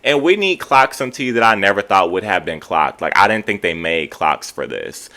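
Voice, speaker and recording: A man giving an animated, gossipy recap of a reality TV episode, full of slang. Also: low-pitched, moderate pace. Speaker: TV show reviewer.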